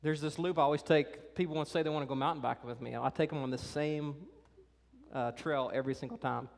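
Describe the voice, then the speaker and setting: A male pastor delivers a sermon in an animated, conversational way. His voice sits a little high, and he talks straight to the young people in the room. A long church reverb trails after his words. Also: quick pace, vocal fry. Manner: animated, conversational, directly addressing kids and teenagers.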